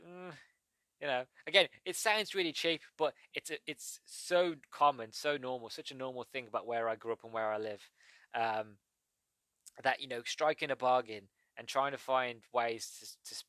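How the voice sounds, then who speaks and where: A man's voice: medium pitch, sharp tone, no room sound. A man with a British accent hosting his own podcast, chatting in a rambling, digressive way. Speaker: podcast host. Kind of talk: casual solo podcast monologue.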